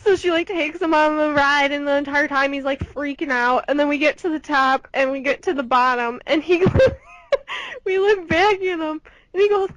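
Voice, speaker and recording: A young woman with a high voice co-hosting a podcast. She tells a story in a giggly, chatty way, and her voice sounds close and dry. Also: normal speed, a bit bright, no room sound, low-quality recording. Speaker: podcast co-host. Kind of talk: casual chat.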